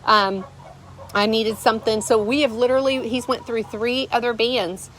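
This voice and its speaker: A woman's voice: a little high, fairly even intonation, normal speed, fairly bright tone, a little hiss or hum. A middle-aged woman, hosting a vlog and telling a rambling story with many fillers. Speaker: vlogger, channel host. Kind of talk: casual storytelling to camera. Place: rural homestead, outdoors.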